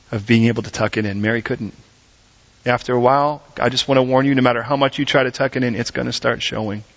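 Animated man preaching a sermon. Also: medium pitch. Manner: animated, acts out voices, direct questions. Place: church service. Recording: dull lo-fi recording.

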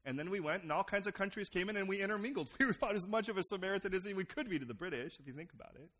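A middle-aged American man preaching a sermon as pastor, animated and acting out other people's voices. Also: high-pitched. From United States.

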